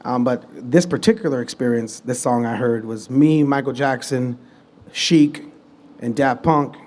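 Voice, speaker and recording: A man guest on a live podcast stage, telling stories in a loose, animated way and acting out the people he quotes. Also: medium pitch, a little slow. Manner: animated storytelling, acts out quoted dialogue; loose, restarts mid-sentence. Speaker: guest musician and producer.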